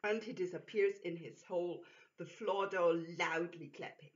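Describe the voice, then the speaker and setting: A woman reading a comedy script, slow and musing with fillers, on a dull lo-fi recording. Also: on the low side. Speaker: reader.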